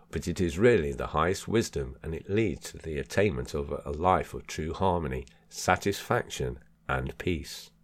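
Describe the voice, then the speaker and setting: A man hosting a podcast, reading a book chapter aloud in a measured way and breaking off for chatty, self-amused asides. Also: deep voice.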